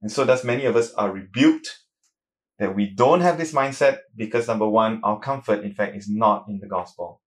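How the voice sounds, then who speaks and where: Guy preaching a sermon, earnest and emphatic, voice rises when he reads scripture. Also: moderate pace. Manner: rises in pitch and volume when reading scripture.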